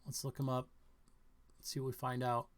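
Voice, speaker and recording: A man with a medium-pitched, monotone voice comments on news stories in a halting, speculative way. He thinks aloud, full of fillers and restarts.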